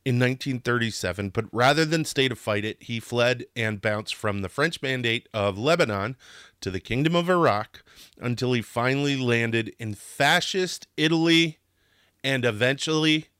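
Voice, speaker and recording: A history podcast host speaks in a smooth, slightly bright male voice of medium pitch at a normal pace. He tells the story casually and passionately, sometimes getting worked up, restarting sentences and swearing now and then. The recording is dry and clean, with a studio sound.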